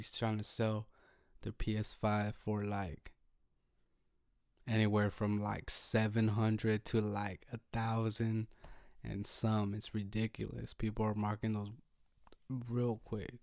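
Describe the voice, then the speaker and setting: A low, gravelly-voiced man speaks slowly and evenly on his solo podcast. He has a laid-back, low-energy way of talking and thinks aloud as he goes. The sound is close and dry. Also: no echo. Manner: slow, calm, thinking aloud. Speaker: podcast host. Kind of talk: solo motivational podcast talk.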